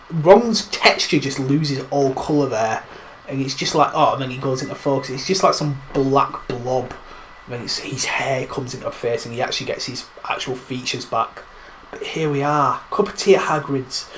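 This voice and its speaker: A man chats through a game livestream at a middling pitch, rambling and teasing as he plays. Faint background noise sits under his casual commentary. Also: moderate pace. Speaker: gaming livestream host.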